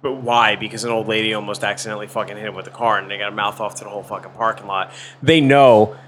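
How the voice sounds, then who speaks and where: A man's voice: on the low side, steady tone, fast, a bit bright, slight background noise. A man co-hosting a podcast, giving a blunt, profane take in casual chat. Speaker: podcast co-host.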